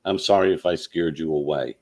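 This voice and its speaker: Man with a very deep voice, halting. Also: a little mellow. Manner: halting, many fillers and restarts. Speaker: channel host. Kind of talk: personal storytelling monologue.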